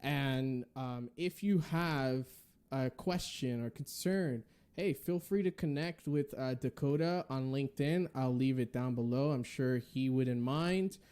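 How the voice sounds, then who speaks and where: A man's voice: mid-range voice, unhurried, a little mellow, clean tone. A man from the Northeastern US hosting a podcast, talking in an enthusiastic, casual way with many fillers and closing with a blessing. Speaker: podcast host. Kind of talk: casual interview chat.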